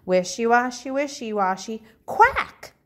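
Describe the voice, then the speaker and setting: A woman voicing a moaning, aching farm duck in a storybook read-aloud, with a high quack. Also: sing-song, measured pace.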